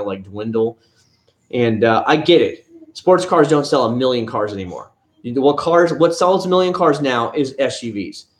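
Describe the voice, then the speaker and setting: A man hosting a casual live stream from home, rambling easily about cars and answering viewer chat one comment at a time. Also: medium pitch. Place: at home, family nearby. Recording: roomy echo.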